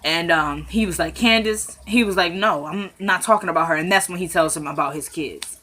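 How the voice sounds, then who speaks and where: Bright-voiced woman recapping a TV episode. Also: on the low side. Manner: chatty, retells scenes in quick paraphrased dialogue; addresses viewers as "y'all", rising into animated commentary. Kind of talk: casual recap vlog.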